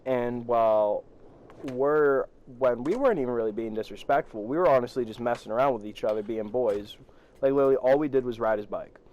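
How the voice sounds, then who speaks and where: A man's voice: mid-range voice, brisk, a little mellow, lo-fi sound. Rambling teenage guy telling a story. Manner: rambling, profane, laughs while telling. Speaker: vlogger. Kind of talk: storytime vlog.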